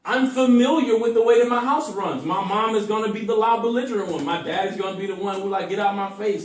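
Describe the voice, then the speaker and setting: A man teaching a group about love, speaking emphatically and deliberately varying his voice for effect. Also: high voice, far from the mic. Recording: echoey room, speaker away from mic.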